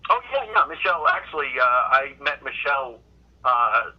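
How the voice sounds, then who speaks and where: A middle-aged man from Boston chats as a comedian guest, rambling through his stories with plenty of restarts. His voice is husky and sits at a middling pitch. The audio is dull and lo-fi, like a remote call. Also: expressive, normal speed. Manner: rambling storyteller, frequent restarts. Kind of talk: casual interview chat.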